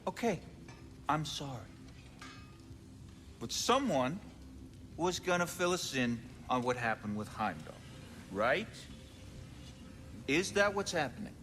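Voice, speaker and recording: A man's voice: mid-range voice, very animated, slow pace, long pauses, fairly bright tone, long reverb tail, a little hiss or hum. An actor playing an easygoing, fun-loving male leader with a laid-back, joking manner, in a video game cutscene.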